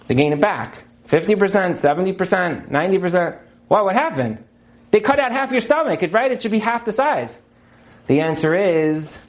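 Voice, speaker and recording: A man giving a motivational religious talk as a teacher and counselor, emphatic and repeating his key points. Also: sits high.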